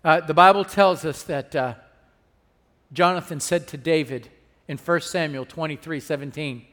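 A male pastor preaching a sermon with call-and-response asides, moving between hushed and loud delivery. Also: a little high, normal speed, long reverb tail.

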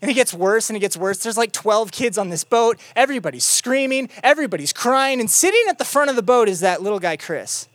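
This youth pastor preaches in a relaxed, conversational way, with playful asides and lively retelling that settles into quiet emphasis. The voice sits at a mid pitch. The sound is close and dry, with no room echo. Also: fairly quick, hardly any pauses. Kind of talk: sermon.

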